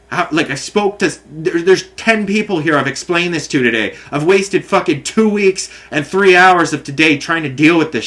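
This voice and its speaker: A man's voice: on the high side, fairly bright tone. A man vlogging an exasperated, swear-filled rant about bad service, repeating himself as he vents. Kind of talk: angry storytelling rant.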